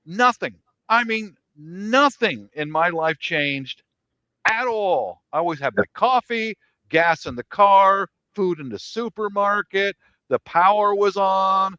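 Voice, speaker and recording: A man's voice: sits high, expressive, takes it slowly, sharp tone, clear, resonant tone, dry recording, muffled recording. An American man in casual chat, blunt and profane, speaking in a dry, offhand way. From United States.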